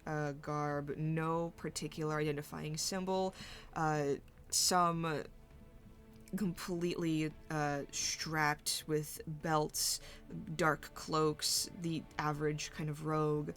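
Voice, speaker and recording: A woman game master narrates a tabletop role-playing scene in a low voice. She speaks slowly and haltingly, pausing often to search for her words. Soft music plays faintly underneath.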